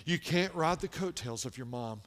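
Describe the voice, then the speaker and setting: A male pastor preaches a sermon, shifting from hushed, low passages to loud, impassioned stretches packed with rhetorical questions for the congregation. He's animated, talks at a normal speed, and sounds like he's in a big room.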